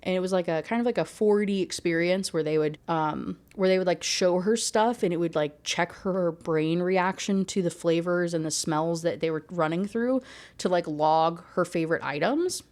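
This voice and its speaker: A woman's voice: fairly low pitch, normal speed, a little mellow. A woman giving a candid, exasperated rant review of a book, peppering her talk with "like" as she vents. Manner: exasperated, candid, heavy use of 'like'.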